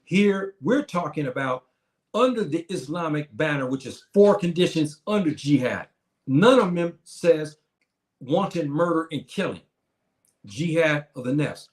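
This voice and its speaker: A Moroccan teacher in his seventies lectures his community class emphatically and repetitively, often calling the listeners brothers and sisters. His voice is on the high side and animated, delivered at a measured pace.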